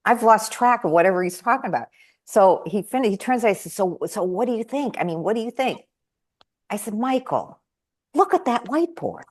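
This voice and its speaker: A woman guest telling stories in conversation, animatedly acting out the voices of the people she quotes. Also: fast talker. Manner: animated, acts out quoted voices with big jumps in pitch. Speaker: guest speaker and trainer. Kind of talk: conversational storytelling.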